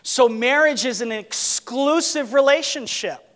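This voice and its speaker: Guy preaching in church, pretty high voice, earnest and emphatic, long echo tail. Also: unhurried, fairly bright tone. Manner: earnest, emphatic, repeats key words. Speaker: pastor. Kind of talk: sermon. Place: church sanctuary, on a platform.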